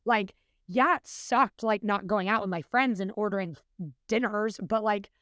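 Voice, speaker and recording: Podcast guest: young woman, earnest and chatty, quick, dry close sound. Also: medium pitch, a bit bright, no echo. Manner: chatty, earnest, fast with many fillers. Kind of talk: casual podcast interview.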